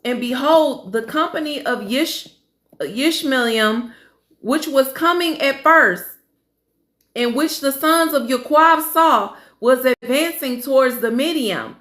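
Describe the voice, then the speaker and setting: Woman, high voice, slow careful reading, echoey room. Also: fairly bright tone. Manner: slow reading, stumbling over names, casual asides. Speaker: Bible study reader. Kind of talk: reading scripture aloud with commentary.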